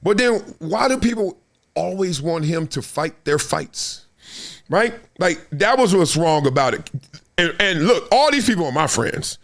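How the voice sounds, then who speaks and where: A middle-aged former football player hosts his own sports talk show, arguing his points emphatically and conversationally. His voice sits high for a man and jumps around with lively swings in pitch. He keeps checking in with the listener and stacks repeated "no"s for effect. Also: unhurried. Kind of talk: animated solo commentary.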